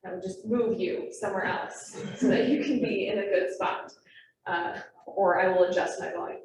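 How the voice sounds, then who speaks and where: A young adult woman, a naturalist training presenter, gives a quick, chatty, self-aware classroom presentation to trainees. Her voice is mid-range and slightly mellow, heard in a meeting room with a live and online audience, where the echoey space, distant mic and faint noise color the sound.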